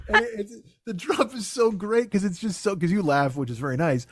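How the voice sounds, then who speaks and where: A man's voice: high-pitched, animated, normal speed, dry recording, studio quality. A middle-aged man hosting a comedy podcast, talking in a profane, self-mocking way and acting out voices when he quotes people. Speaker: podcast host. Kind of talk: casual comedy podcast banter.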